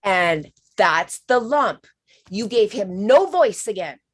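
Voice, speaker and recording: A woman's voice: mid-range voice, expressive, slow, husky. A woman giving a spiritual healing reading on a live stream, talking frankly and emphatically, swearing now and then and calling the listener honey.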